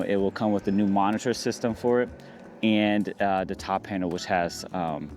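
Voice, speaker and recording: A man hosting a casual walk-and-talk vlog outdoors on a hillside. He sounds slightly out of breath and talks in a relaxed, chatty way, laughing often. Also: low-pitched. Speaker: camera channel host.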